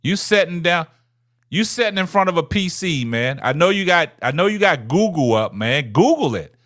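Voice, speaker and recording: A man's voice: on the high side, sing-song, moderate pace, a bit bright. A man, hosting a casual livestream and talking to viewers in the chat. He taunts them, repeats himself and ends many phrases with "man". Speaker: livestream host.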